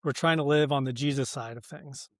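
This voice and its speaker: A man's voice: medium pitch, a little fast, no echo, studio quality. An American man, a pastor and author, talking earnestly in a podcast interview, thinking aloud with many fillers and restarts. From United States.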